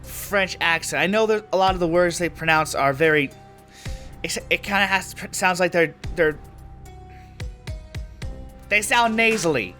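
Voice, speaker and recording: A man's voice: high voice, unhurried, long pauses, pushed and bright, faint music behind. A man reading a visual novel aloud as a let's play host, breaking off for casual, self-deprecating asides with free swearing.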